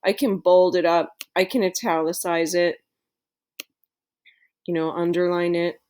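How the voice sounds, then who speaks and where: Chatty teacher walking students through software. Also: female voice, fairly low pitch, level tone, unhurried, clear, resonant tone. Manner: friendly, chatty, many fillers. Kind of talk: screen-recorded tutorial for students.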